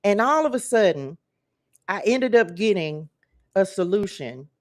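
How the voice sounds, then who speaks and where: A woman's voice: mid-range voice, big pitch swings, unhurried, darkish tone. A woman, hosting a casual faith livestream from her phone and talking straight to her viewers in a chatty, emphatic way. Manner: chatty, emphatic, repeats phrases and addresses viewers as y'all. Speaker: host. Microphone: phone camera.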